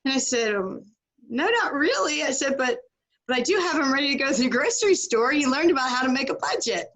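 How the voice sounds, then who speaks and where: Animated storytelling woman, high-ish voice. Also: brisk. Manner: animated, acts out quoted voices. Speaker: guest on a podcast. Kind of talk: casual storytelling.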